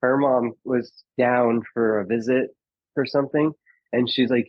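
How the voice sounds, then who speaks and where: A man's voice: mid-range voice, steady tone, unhurried, dry recording. Male comedian guest, rambling storyteller, laughs a lot, dry muffled lo-fi recording. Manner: chatty, filler-heavy, laughs often, acts out quotes. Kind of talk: casual storytelling. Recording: dull lo-fi dry sound.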